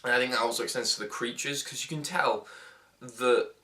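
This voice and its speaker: Young male film reviewer, bright tone, sarcastic and rambling, casual delivery. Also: medium pitch, brisk. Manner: rambling, sarcastic, frequent fillers and restarts.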